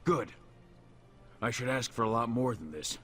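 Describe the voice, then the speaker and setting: An actor playing a suspicious orc smuggler man in a video game, blunt and gruff. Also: medium pitch, expressive, normal speed, fairly bright tone. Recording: game audio with music.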